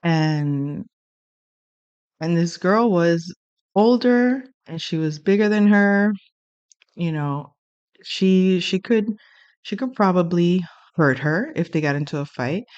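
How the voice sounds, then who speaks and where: A woman's voice: fairly low pitch, slow pace, long pauses, smooth, no room sound, muffled recording. A middle-aged woman telling a personal story in a casual monologue, blunt and profane, acting out the exchanges as she goes. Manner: blunt, profane, animated retelling.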